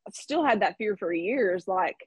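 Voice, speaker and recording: A woman's voice: medium pitch, animated, moderate pace, husky, dry recording. A woman in her thirties telling a personal story in conversation, candid and reflective, with laughs between thoughts. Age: 30s. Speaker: guest.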